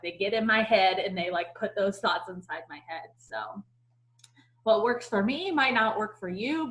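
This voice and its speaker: A woman talking casually on a team coaching call, chatty and filled with "like," sliding into animated voices when she quotes people. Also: medium pitch, low-quality recording. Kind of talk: casual chat.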